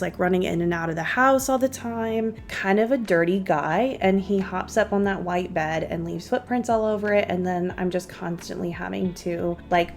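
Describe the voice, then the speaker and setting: A young woman vlogger chatting casually to her viewers while doing her makeup at home. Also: medium pitch. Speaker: beauty vlogger. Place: home guest room used as office.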